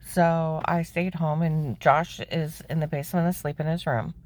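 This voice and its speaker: Woman, lowish voice, candid personal testimony, emphatic and indignant, tosses in "okay?" asides. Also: fairly even intonation, moderate pace, darkish tone. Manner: emphatic and indignant, voice climbing high when upset; plain-spoken, with frequent "okay?" asides. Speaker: storyteller recounting her own life.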